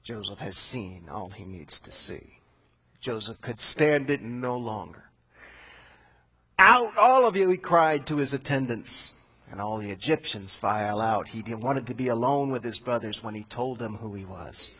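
A man preaching a sermon, retelling a Bible story in a casual, animated way with slangy asides. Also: on the low side, normal speed, breathy edge, poor audio.

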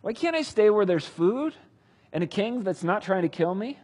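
A man's voice: sits high, very animated, moderate pace, darkish tone, breathy edge, pitched above the performer's own voice, exaggerated voice. A man voicing a distressed young warrior-leader in a plaintive, pleading tone.

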